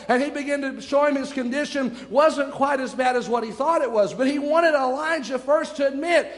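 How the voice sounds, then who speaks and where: A man preaches a fervent sermon in a church, driving his points home with repetition and rhetorical questions. His voice sits very high for a man. A long hall echo trails every phrase. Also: moderate pace, hardly any pauses.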